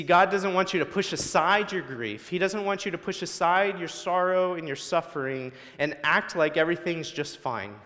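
A man's voice: on the high side, fairly bright tone, big-room sound. A male guest preacher delivering a sermon in a church, building emphasis through repetition. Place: church sanctuary.

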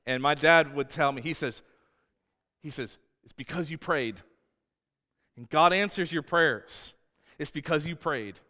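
A man's voice: mid-range voice, smooth. A man preaching a sermon as a pastor, telling personal stories with many restarts. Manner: storytelling, animated with many restarts. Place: church sanctuary. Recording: church hall with long reverb.

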